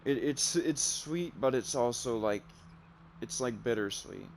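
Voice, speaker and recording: Creaky-voiced man musing over a game. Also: medium pitch, unhurried, a little mellow, a little hiss or hum. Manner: reads in-game notes aloud, musing. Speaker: gamer. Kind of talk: let's play commentary.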